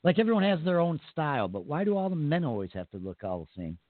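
Animated rambling male co-host. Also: a little high, fast, dry recording. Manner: rambling, animated, swears freely. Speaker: radio show co-host. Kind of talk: casual talk radio banter. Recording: tinny phone-like sound, dry.

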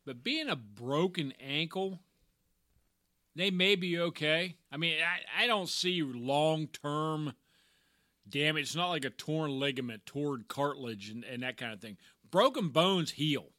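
A man's voice: on the high side, animated, unhurried, bright, forceful tone, no echo, studio quality. A man co-hosting a sports podcast, rambling through his points with frequent restarts. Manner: rambling, restarts with repeated words. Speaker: podcast co-host. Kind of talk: casual sports chat.

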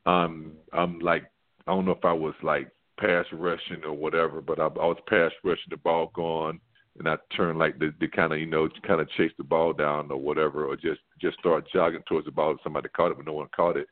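A man, a former football player, tells a rambling, animated story as a guest on a sports show, filling it with "like" and restarts. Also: very deep voice, brisk. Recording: tinny phone line.

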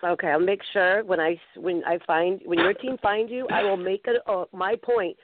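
A woman's voice: medium pitch, steady tone, moderate pace, background noise. A woman hosting a casual call-in talk show, talking with eager enthusiasm. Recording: tinny phone line, dry.

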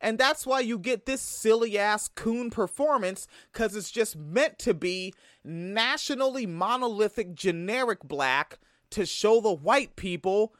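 A man from Tacoma gives profane reaction commentary, blunt and sarcastic. His pitch sits high and leaps around a lot. The close mic sounds dry, with no room around him. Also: expressive, a little slow, fairly bright tone, no room sound. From Tacoma, Washington. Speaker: commentary vlogger reacting to a sketch.

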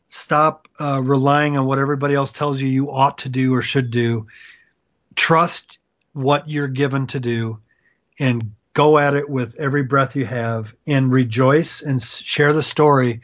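A man's voice: medium pitch, fairly bright tone. Earnest encouraging male coach. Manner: earnest, encouraging, emphatic repetitions. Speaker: author and coach, guest. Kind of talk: faith-based interview talk.

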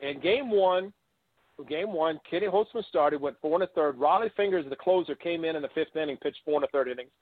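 An older man with a slightly high voice spins animated stories as an interview guest, slipping into the voices of the people he quotes. The sound is thin and tinny, like a phone line, and dry, with no room around it. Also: fast, hardly any pauses, dry recording. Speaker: guest, former baseball catcher. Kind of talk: storytelling interview.

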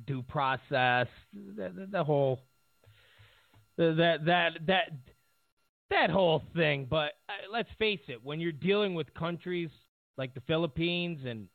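A male talk show host rambles sarcastically through his commentary, full of fillers and restarts. His voice is gravelly and slow-paced with a lively pitch. It sounds tinny and phone-like. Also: no room sound.

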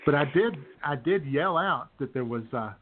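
A man's voice: fairly high pitch, animated, normal speed. Man, podcast host, casual storyteller, chuckles often, tinny phone-like audio. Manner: rambling storyteller, laughs at own stories. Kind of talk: casual chat.

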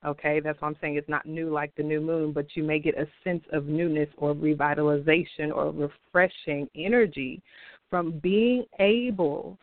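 A passionate, expressive man delivers his weekly astrology forecast, laughing easily as he talks. His voice sits fairly high for a man. The sound is tinny and phone-like, with a dry, close feel. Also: no room sound.

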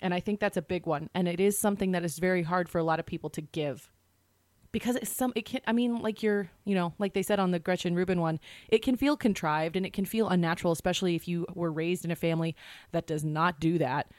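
A woman's voice: on the low side, fast talker, darkish tone, no echo. A woman co-hosting a podcast in casual chat, talking in a chatty, rambling way. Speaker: podcast co-host.

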